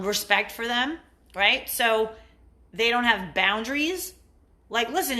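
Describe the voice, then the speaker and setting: A woman's voice: on the high side, fairly bright tone. A woman dating coach giving blunt, profane relationship advice in a casual vlog monologue, acting out what partners say.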